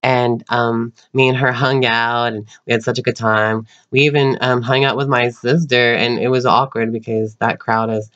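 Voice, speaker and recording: A young man telling personal stories to his camera in a halting, rambling way, with many ums and restarts. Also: medium pitch, flat delivery, fairly bright tone, lo-fi sound. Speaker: vlogger.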